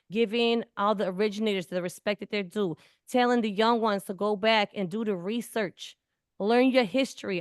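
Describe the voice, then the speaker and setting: A woman's voice: medium pitch, dry recording, clean studio sound. Earnest, emphatic woman in her forties. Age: 40s. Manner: earnest, emphatic, repeats words. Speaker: community speaker. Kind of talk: casual heartfelt conversation.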